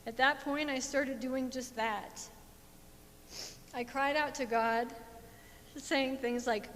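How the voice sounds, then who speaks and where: A woman's voice: fairly even intonation, a bit bright. A woman giving a heartfelt personal testimony in a church, speaking earnestly into a microphone. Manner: slow, earnest and heartfelt, rising in fervor. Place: church sanctuary. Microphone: handheld microphone. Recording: echoey church hall with faint rumble.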